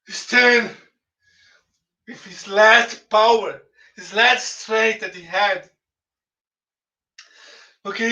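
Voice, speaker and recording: Speaking English with a Brazilian Portuguese accent, this man, a native Portuguese speaker, dramatically recounts a story, calling his listeners friends and hammering points through repetition. His pitch is high and his tone pushed and bright. Sound quality is lo-fi: dull, distant, and echoey.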